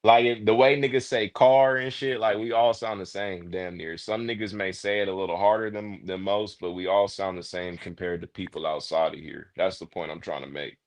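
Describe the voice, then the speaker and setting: A man with a Bay Area Californian accent and a slightly low voice. He explains his points in an emphatic way, full of slang, during a casual panel chat. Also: steady tone, moderate pace, few pauses.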